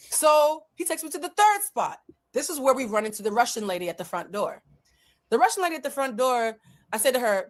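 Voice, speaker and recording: A woman hosting a livestream, telling a dating story in a casual, blunt and profane way, and acting out the dialogue with big jumps in pitch. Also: sing-song, fairly quick. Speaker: host of a livestream, emotional intelligence coach. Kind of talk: casual storytelling to a live audience.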